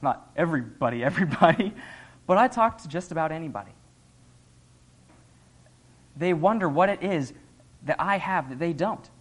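A man's voice: fairly high pitch, expressive, normal speed, pauses often. A young man giving an earnest, conversational sermon, laughing often as he talks. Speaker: lay preacher.

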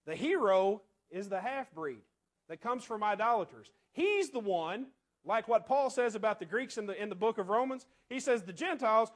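A man preaching a sermon in a conversational way, asking the congregation rhetorical questions and often dropping to quiet asides. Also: sits high, expressive, moderate pace.

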